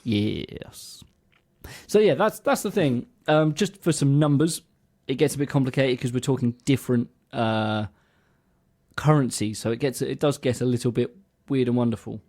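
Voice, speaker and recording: A man's voice: mid-range voice, fairly even intonation, normal speed, darkish tone. A man co-hosting a casual music podcast, explaining things at length in a chatty way. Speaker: podcast co-host.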